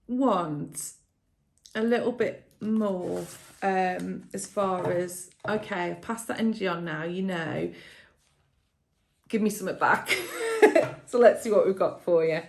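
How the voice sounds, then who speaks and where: A woman giving a tarot reading to viewers in a casual, emotional way, often laughing softly and thinking aloud with fillers and restarts. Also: medium pitch, vocal fry. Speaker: tarot reader.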